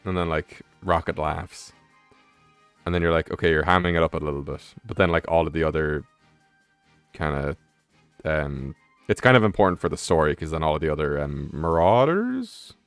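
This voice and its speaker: A man's voice: a bass voice, lively intonation, moderate pace, clean tone, dry recording, faint music behind. A young man streaming a game, rambling casually with many fillers and curse words. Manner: rambling, heavy on fillers, profane. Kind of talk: casual rambling commentary while gaming.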